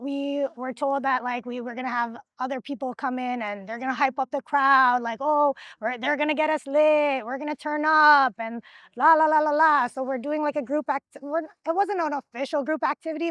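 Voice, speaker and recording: A woman, a reality show contestant, telling stories in a confessional, animated and profane, acting out what people said. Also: high-pitched, no room sound. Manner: animated, profane, acts out quotes. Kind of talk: confessional storytelling.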